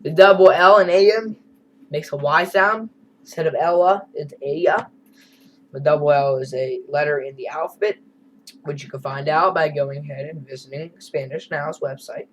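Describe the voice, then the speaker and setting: A man's voice: on the high side, fairly even intonation, moderate pace, fairly bright tone, a little hiss or hum, poor audio. A man teaching a beginner Spanish lesson over a screen recording, explaining in a casual, chatty way with asides.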